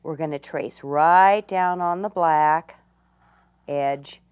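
An older woman leads a crafting lesson at an unhurried, deliberate pace. Her voice sits a little low for a woman, and she gushes over her materials, often sinking into delighted whispers. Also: smooth. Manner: enthusiastic, gushing, drops to whispers in delight. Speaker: craft instructor. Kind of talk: craft demonstration.

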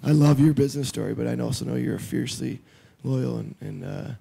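A man's voice: mid-range voice, a little fast, gravelly, mellow, husky. A man moderating an onstage interview, talking casually, swearing freely and friendly.

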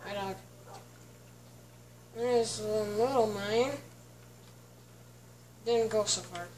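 A woman giving casual, chatty commentary while touring her game world, often stopping to clear her throat. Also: mid-range voice, steady tone, very slow, darkish tone, slight background noise. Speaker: let's play host. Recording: distant mic with faint background music.

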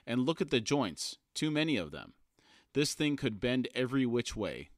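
A cool-headed young woman, level and matter-of-fact, read by a man in his own voice. Her words come out plain and unhurried, recorded close and dry. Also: mid-range voice, very animated, no echo, natural voice. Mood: calm.

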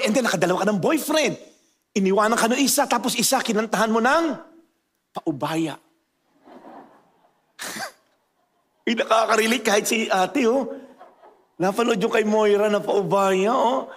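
A Filipino man preaching to his congregation in a very high voice. He jokes with the crowd between points, then slows right down to drive a phrase home. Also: a bit bright. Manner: mixes English and Tagalog, playful asides to the congregation; slows down to stress key phrases. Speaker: pastor. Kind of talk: sermon.

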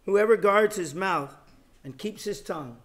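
Middle-aged male Bible lecturer, higher-pitched voice, measured and repetitive, sometimes drops soft and low. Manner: measured, repeats key phrases for emphasis. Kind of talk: sermon.

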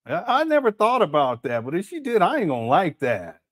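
A man's voice: sits high, huge pitch swings, fairly quick, a bit bright. A man hosting a casual livestream, reading the chat aloud, laughing often and using slang as he calls his viewers family.

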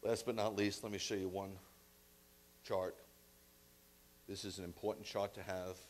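A man's voice: low-pitched, little pitch movement, moderate pace. A man preaching a sermon as rabbi, emphatic and conversational with blunt asides.

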